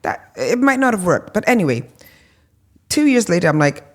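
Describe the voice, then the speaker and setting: Low-pitched woman guest chatting, lots of ums, acts out quotes when she tells a story. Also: big pitch swings, moderate pace. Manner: frequent ums and restarts. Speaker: interview guest. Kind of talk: conversational interview.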